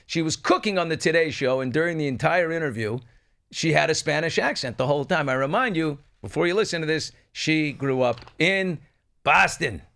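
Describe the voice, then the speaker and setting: Animated, playful male talk host. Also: fairly high pitch, brisk, vocal fry. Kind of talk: casual talk show chat.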